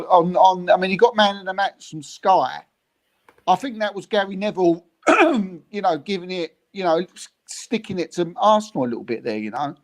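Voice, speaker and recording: A man chatting casually about a football match as an animated storyteller who chuckles often. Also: high voice. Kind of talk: casual football reaction chat.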